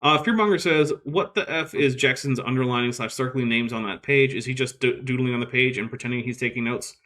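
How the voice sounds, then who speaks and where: A man's voice: mid-range voice, fairly quick, a bit bright. A man hosting a casual livestream, reading viewer comments with wry, skeptical asides. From United States. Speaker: host.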